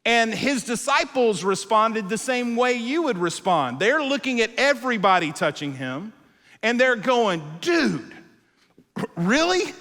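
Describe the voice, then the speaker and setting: A male pastor preaching a sermon, telling a story with animated acted-out voices and dropping to quiet, intense moments. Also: very high-pitched, measured pace, long reverb tail. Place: church auditorium.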